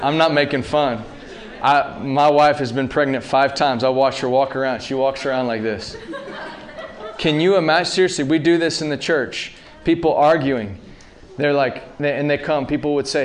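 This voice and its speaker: A man in his thirties preaching a sermon, talking casually to the congregation and building to loud, impassioned peaks. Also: mid-range voice, normal speed. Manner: rising to loud impassioned peaks, calls to the audience.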